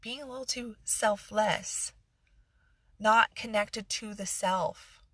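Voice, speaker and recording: A woman's voice: mid-range voice, slow pace, pushed and bright, no echo. A middle-aged woman coach giving a passionate motivational talk on a phone livestream, repeating phrases for emphasis and slipping into sarcasm. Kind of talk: live-streamed motivational talk.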